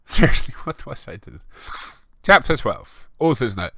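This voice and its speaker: A man's voice: mid-range voice, big pitch swings, moderate pace, vocal fry, bright, forceful tone, no room sound, studio quality. A man giving a comedic reading of fan fiction, mocking it with sweary asides.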